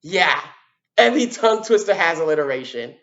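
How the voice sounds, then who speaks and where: Female teacher, lively pitch, sounds out letters for kids, dull lo-fi video audio. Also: a little hiss or hum. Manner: animated, sounds out letters, repeats words slowly for children. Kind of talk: children's lesson on video.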